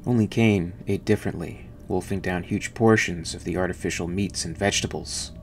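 Deep-voiced man narrating a novel. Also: a little fast, soft background music.

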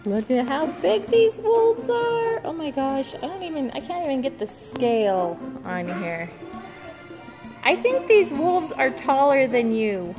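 A woman in a casual family vlog, talking slowly and playfully to her child. She exclaims often in a raised voice, recorded on a handheld phone with music laid underneath. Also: sits high, sing-song. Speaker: mother filming her child. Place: large indoor museum hall. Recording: background music over the audio.

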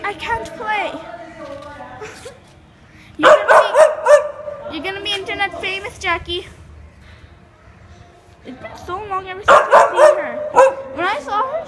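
A female host giving casual gameplay commentary, chatting and calling out loudly to her pets. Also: very high-pitched. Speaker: gaming channel host. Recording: clear background noise.

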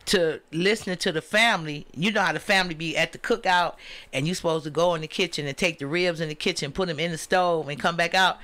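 A woman's voice: lowish voice, quick pace. A woman in her fifties, a comedian and radio personality guest, telling stories in a casual interview and acting out the people in them. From Highland Park, Michigan. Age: 50s. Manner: animated storyteller, acts out voices in anecdotes.

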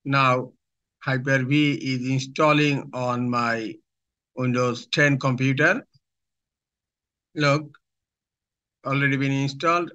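A man who works as an IT instructor narrates a step-by-step software tutorial, giving slow instructions in short phrases with pauses between them. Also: mid-range voice, highs cut off.

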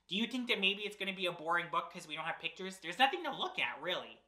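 A woman's voice: on the low side, very animated, fast talker, hardly any pauses, bright, forceful tone. A woman hosting a children's storytime, reading a book aloud in a playful, theatrical, mock-exasperated way. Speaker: drag storytime host. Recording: roomy echo.

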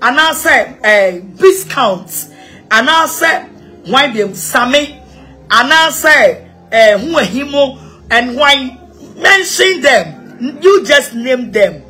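A Ghanaian woman evangelist giving an impassioned, animated address, repeating herself and laughing between points. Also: sits high, slow, faint music behind. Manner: animated, repetitive, mixing local-language phrases, laughing asides. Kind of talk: impassioned social media address.

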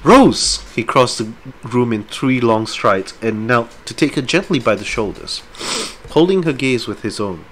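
A man's voice: mid-range voice, moderate pace, a little hiss or hum. A man on a live stream, chatting casually with viewers and reading a book aloud. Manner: casual, rambling, with fillers; lively when reading. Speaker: streamer and reader.

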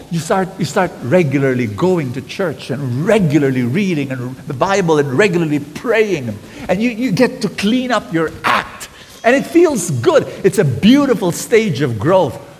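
A man preaching a sermon to a live audience, animated, calling for responses and loudly acting out quotes. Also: fairly high pitch, long reverb tail.

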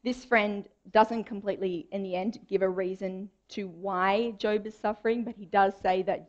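A woman's voice: mid-range voice, fairly even intonation, normal speed, few pauses, muffled recording. A young woman giving a chatty, informal sermon in a church. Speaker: preacher.

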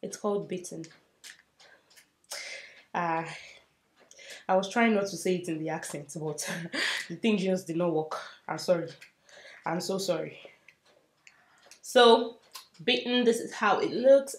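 A woman's voice: lowish voice, measured pace, pauses often. Chatty woman in a roomy echo. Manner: chatty, self-mocking, drifts to soft murmurs while working. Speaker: beauty vlogger. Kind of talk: casual makeup tutorial chat. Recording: roomy echo, faint hiss.

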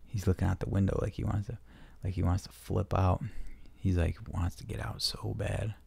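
A man's voice: sits low, flat delivery, moderate pace, gravelly, a little mellow, slightly rough, no room sound. A man hosting a podcast from home, chatting loosely and swearing freely in a heartfelt, rambling way. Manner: loose, profane, heartfelt talk. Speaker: podcast host. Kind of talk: casual rambling chat.

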